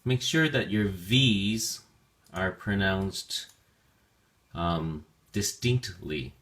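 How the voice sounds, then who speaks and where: A very deep-voiced man leads a vocabulary lesson for English learners. He says each word slowly and repeats it with careful enunciation, and a few ums slip in as he talks. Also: lively intonation, fairly bright tone. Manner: slow, careful enunciation of words. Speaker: ESL teacher.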